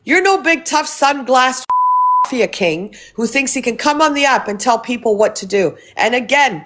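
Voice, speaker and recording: A woman's voice: fairly high pitch, fairly bright tone. Heated woman ranting on a livestream. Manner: heated, profane, confrontational. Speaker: livestream host. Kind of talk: casual livestream rant.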